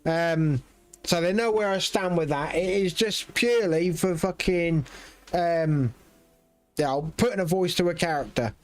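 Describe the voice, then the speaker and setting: A man's voice: on the high side, a little slow. A man casually commenting on his gameplay, rambling and swearing freely. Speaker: gameplay streamer.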